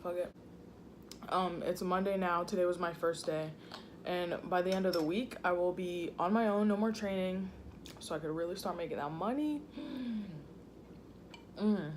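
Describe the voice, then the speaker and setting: Woman, low-ish voice, casual eating chat, slangy, at home, faint storm behind. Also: normal speed, long pauses, a little hiss or hum. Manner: chatty, slangy, talks between bites. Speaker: mukbang vlogger. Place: home room indoors. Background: faint thunderstorm.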